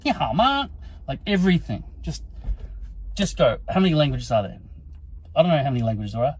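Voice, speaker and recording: A man's voice: medium pitch, animated, a little fast, a little mellow, slightly rough, rough recording. An exhausted, sleep-deprived man, ranting profanely and putting himself down in a rambling self-recorded vlog on a handheld phone. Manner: profane, self-deprecating, mumbling asides. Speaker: vlogger.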